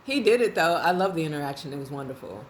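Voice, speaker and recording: Woman vlogging, lowish voice, chatty and laughing a lot while she tells a story. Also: fast, slight background noise. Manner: animated, laughing, colloquial and conversational. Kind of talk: casual anecdotal storytelling.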